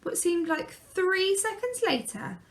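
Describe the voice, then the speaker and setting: A woman reading a children's picture book aloud, gently and expressively. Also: very high voice, big pitch swings, takes it slowly. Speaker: storyteller.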